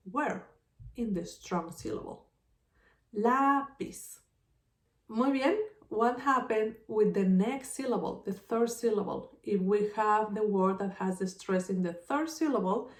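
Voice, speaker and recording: A woman teaching a language lesson, explaining rules patiently and repeating example words. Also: medium pitch. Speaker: Spanish teacher. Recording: echoey room.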